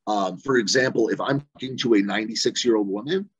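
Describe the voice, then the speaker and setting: A man's voice: on the low side, fast, husky, no room sound, muffled recording. A man coaching volunteers on phone banking in a casual virtual training, talking conversationally with lots of fillers and "right?" checks. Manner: conversational, rambling, many fillers and "right?" asides. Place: home room, virtual session. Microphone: video call mic.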